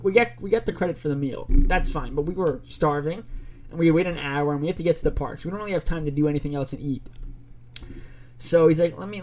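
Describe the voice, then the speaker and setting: A young man co-hosting a casual podcast, telling a story in an animated way and acting out both sides of phone calls. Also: a little high, slight background noise. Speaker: podcast co-host.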